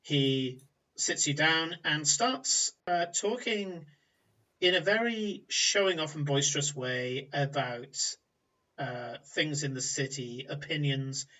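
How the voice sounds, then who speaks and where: A man narrating a tabletop game as game master, rambling with many pauses and fillers. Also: on the high side, bright, forceful tone, far from the mic, muffled recording. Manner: rambling, hesitant, filler-heavy.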